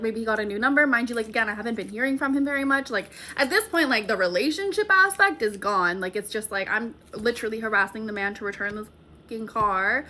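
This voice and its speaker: A woman's voice: a little high, pushed and bright. A young woman telling a storytime tale to her viewers, chatty and profane, with a lot of "like" in her talk. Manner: chatty and profane, heavy use of "like". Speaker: storytime vlogger. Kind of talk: casual storytime monologue.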